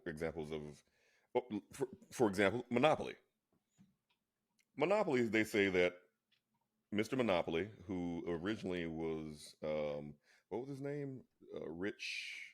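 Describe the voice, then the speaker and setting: Very deep-voiced man, insistent chat. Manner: insistent, animated when arguing; many restarts and repeated words. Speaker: co-host. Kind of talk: casual chat.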